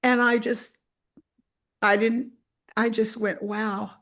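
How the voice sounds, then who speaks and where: A woman's voice: a little high, takes it slowly. A woman, a church missionary, sharing a personal testimony story in an earnest way and speaking straight to her listeners. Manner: earnest, addresses listeners directly as "you guys"; animated retelling with spirited voiced quotes.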